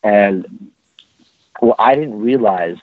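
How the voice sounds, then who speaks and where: A man hosting a casual podcast, telling crude, animated military stories. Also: fairly low pitch, slow pace. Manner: profane, animated anecdote telling. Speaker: podcast host, military veteran. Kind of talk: casual storytelling chat. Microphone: online call. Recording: dry, tinny phone-like call audio.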